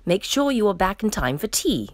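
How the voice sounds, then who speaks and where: Gentle storybook mom, fond and kind, a woman doing it, lively pitch. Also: normal speed, no room sound, studio quality, natural voice. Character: kind patient mother of a young rhino.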